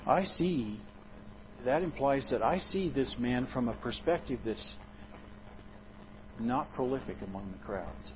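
A man preaching a sermon in an expressive, dramatic way, often swinging his loudness and pitch. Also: unhurried, long pauses, lo-fi sound, background noise.

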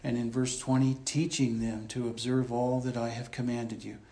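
A man's voice: medium pitch, little pitch movement, normal speed, dark tone. A man preaching a conversational expository sermon in a church, explaining and repeating his points as he goes. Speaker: pastor.

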